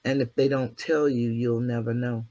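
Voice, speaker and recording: A man's voice: medium pitch, little pitch movement, normal speed, warm tone. Male vlog host, motivational monologue; preachy, down-to-earth, self-mocking. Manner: preachy, earthy, self-deprecating, mild cursing. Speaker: channel host.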